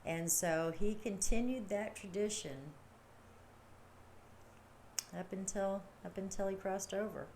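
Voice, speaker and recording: A woman's voice: medium pitch, slow pace, long pauses, a little mellow, a little hiss or hum. A woman chatting casually to her livestream viewers, rambling and laughing often as she talks. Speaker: livestream host.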